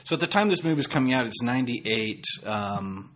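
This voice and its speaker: A man with a husky, slightly breathy voice co-hosts a casual film podcast. He talks thoughtfully, restarts his sentences often, and reads critics' reviews aloud. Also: mid-range voice, expressive, fairly quick, fairly bright tone. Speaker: podcast co-host.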